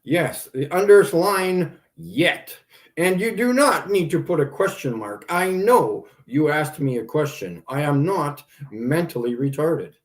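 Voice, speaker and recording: Here a male livestream host fires back at his viewers' comments in an exasperated, sarcastic rant. He sounds fairly high-pitched and expressive, never rushing.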